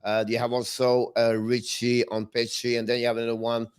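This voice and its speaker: A man co-hosting a hockey talk show, speaking as a with halting phrasing and frequent restarts. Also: medium pitch, completely flat delivery, smooth. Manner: halting, restarts phrases, non-native grammar. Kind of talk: casual sports talk.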